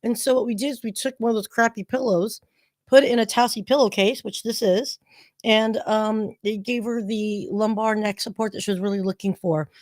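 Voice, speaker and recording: A woman's voice: medium pitch, fairly even intonation, moderate pace, dry recording. Woman, co-host, casual chat, joking, slangy, dry close sound.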